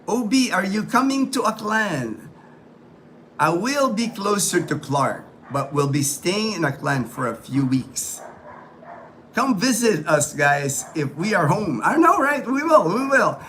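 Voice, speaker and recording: A man's voice: sits high, animated, slow pace, a bit bright, slight background noise. A man from the Philippines hosting a casual livestream, chatting and answering viewer comments in a rambling way full of fillers. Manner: rambling, many fillers and restarts. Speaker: livestream host.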